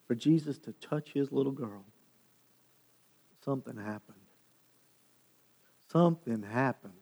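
A male pastor preaching a sermon, retelling a story with animated, dramatic delivery. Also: a little high, creaky. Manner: animated, dramatic storytelling with sharp swings in loudness.

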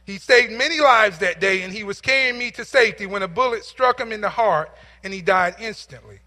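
An earnest, humble young soldier in a spoken sermon story, as a preacher puts him on. The voice is very high for a man and bright and clear in tone. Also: fairly quick, long reverb tail. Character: grateful young male soldier bringing a gift.

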